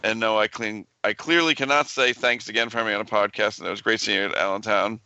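A man co-hosting a casual podcast, talking in a halting, stuttery way and stumbling over words as he reads. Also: lowish voice, fairly even intonation, sharp tone, clear, resonant tone, no echo, highs cut off. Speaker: podcast co-host.

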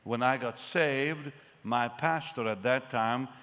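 Man in his seventies, preacher, sermon, animated storytelling, bright forceful tone, long hall reverb. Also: medium pitch, takes it slowly. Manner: animated storytelling, acts out dialogue.

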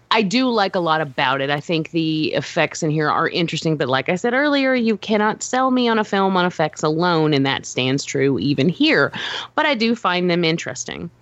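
Woman, podcast co-host, low voice, hesitant, measured, dry lo-fi recording. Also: big pitch swings, no room sound. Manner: hesitant, measured, with many fillers. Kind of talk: casual podcast film review. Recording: dry, dull lo-fi sound.

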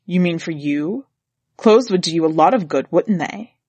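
Sour complaining husband, scornful and gloomy, pitched low and husky, close dry sound, as a woman reader puts him on. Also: animated, normal speed, a little mellow, no echo. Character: grumbling middle-aged husband, sour and contemptuous.

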